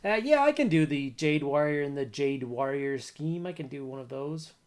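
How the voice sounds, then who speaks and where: A man's voice: fairly high pitch, expressive, moderate pace, clean tone. Chatty man hosting a hobby stream. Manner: chatty, repeats greetings to chat. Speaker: livestream host. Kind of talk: casual livestream chat while building models.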